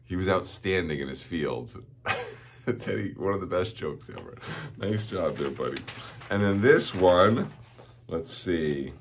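A man's voice: sits low, lively intonation, takes it slowly, slight background noise. A man, a school principal, giving cheerful morning announcements to students and chuckling at their jokes.

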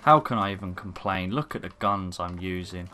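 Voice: low voice, lively intonation, moderate pace, noisy background. A gaming commentator talking over gameplay, exasperated and ranting at the game.

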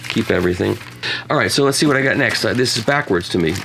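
Against a noisy background, a man with a fairly low, gravelly voice talks fast about vinyl records. He's a chatty storyteller in a casual conversation, frequently restarting and joking at his own expense.

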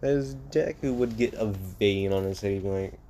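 A man's voice: lowish voice, moderate pace, dark tone, a little hiss or hum. A man improvising a fan story aloud, rambling, correcting himself and swearing casually. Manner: rambling, self-correcting, profane.

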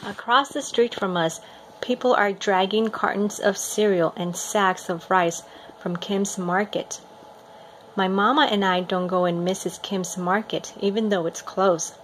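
A woman reading a picture book aloud in a steady, expressive storytelling manner. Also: mid-range voice, a little hiss or hum. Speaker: reader.

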